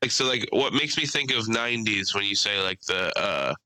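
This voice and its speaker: Young male podcast co-host, crude joking storyteller, very bright tense tone, dry close sound. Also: fairly low pitch, lively intonation, normal speed, no echo, rough recording. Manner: storytelling with crude jokes and voiced impressions. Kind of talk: casual chat.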